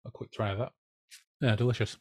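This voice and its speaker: A man hosting a casual book podcast, relaxed and jokey, swearing now and then. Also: mid-range voice, brisk. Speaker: podcast host. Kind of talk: casual book chat with read-aloud passages.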